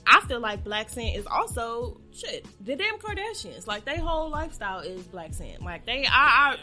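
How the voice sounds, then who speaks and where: A young woman talks candidly on a podcast, animated and quick to laugh, never holding back a curse. Her voice is bright and forceful, pitched a touch high. Faint music plays behind her. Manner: animated, candid, swears freely, laughs often. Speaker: podcast co-host. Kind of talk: casual podcast chat.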